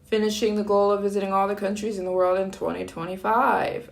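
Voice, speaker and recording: A woman's voice: medium pitch, steady tone, brisk, vocal fry. A young American woman chatting casually on a live stream, greeting and thanking viewers as they join. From United States. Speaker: travel vlogger live streaming.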